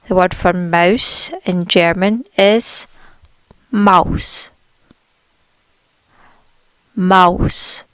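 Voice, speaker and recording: A woman teaching a spoken language lesson, saying each word slowly and repeating it clearly for learners. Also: medium pitch, dry recording.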